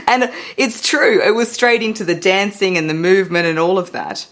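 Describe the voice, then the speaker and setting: A woman's voice: mid-range voice, normal speed. A woman, a voice and public speaking coach, talking animatedly as a guest in a podcast interview. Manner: animated, expressive, laughs often.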